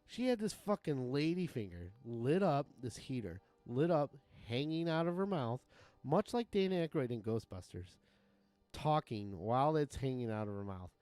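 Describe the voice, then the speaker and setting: Man streamer, casual profane rambler, chuckles a lot, mid-range pitch, desk mic at home. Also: big pitch swings, moderate pace, darkish tone, no echo, soft background music. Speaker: game streamer. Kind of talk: casual live-stream chat.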